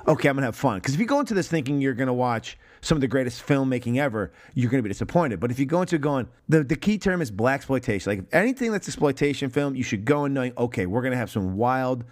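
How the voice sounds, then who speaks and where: A man's voice: medium pitch, sing-song, quick pace, few pauses. A man co-hosting a podcast, chatting casually about old films, laughing often and swearing freely as he rambles. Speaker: podcast co-host. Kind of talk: casual film review chat.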